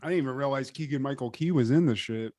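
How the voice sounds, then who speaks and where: A man co-hosting a podcast in casual chat, animated and profane, with lots of fillers. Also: medium pitch, quick pace, no room sound, clean studio sound. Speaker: podcast co-host.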